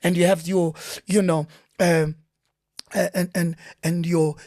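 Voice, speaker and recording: A middle-aged South African man, a veteran actor, chatting in an interview and telling lively stories with many restarts. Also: unhurried, no room sound, clean studio sound. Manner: animated storyteller, lively pitch swings, many restarts. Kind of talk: casual interview chat.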